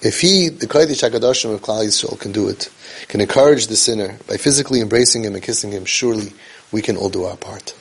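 A man's voice: lowish voice, quick pace, vocal fry, slightly rough. A man giving an inspirational speech, telling a story emphatically and repeating key phrases for effect. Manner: sprinkles Hebrew and Yiddish terms. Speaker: speaker on parenting and faith.

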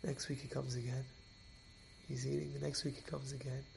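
A man teaching a Torah class as an animated storyteller who repeats and restarts his phrases. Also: mid-range voice, brisk, gravelly, a little hiss or hum.

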